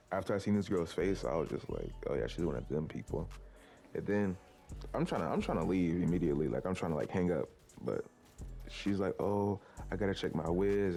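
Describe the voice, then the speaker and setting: A man's voice: low-pitched, vocal fry, warm tone. A young man in his teens telling a rambling personal story to his viewers, full of likes and restarts. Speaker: vlogger. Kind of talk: casual storytelling to camera.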